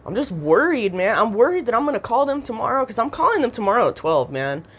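A woman's voice: a little high, sing-song, fast, breathy edge. A woman vlogging a profane, rambling rant, heated and swearing constantly as she vents.

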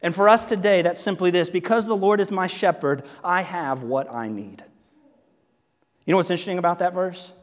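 High-voiced preacher in an echoing hall. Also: male voice. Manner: animated, conversational preaching with laughs and asides. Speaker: pastor. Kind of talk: sermon. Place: church sanctuary. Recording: long reverb of a large hall.

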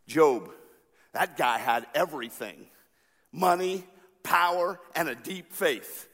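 Male pastor, fairly high voice, unhurried delivery, dramatic sermon in a hall with long reverb. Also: animated. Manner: dramatic swings between shouting and quiet asides.

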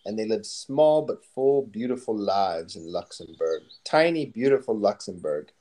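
A man's voice: fairly low pitch, animated, unhurried, warm tone. A man putting on the voice of a grand, old-fashioned male storyteller, reciting in a sing-song way. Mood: whimsical.

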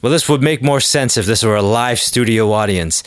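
A man hosting a podcast, delivering a crude, joking solo monologue with sudden loud exclamations. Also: mid-range voice, normal speed, no room sound, studio quality. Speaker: podcast host. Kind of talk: casual comedic monologue.

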